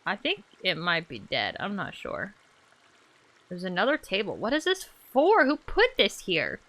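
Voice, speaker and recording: A woman's voice: medium pitch, measured pace. A woman streamer giving playful, jokey commentary while she plays a game. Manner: playful and animated, jokey asides. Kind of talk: casual let's-play commentary.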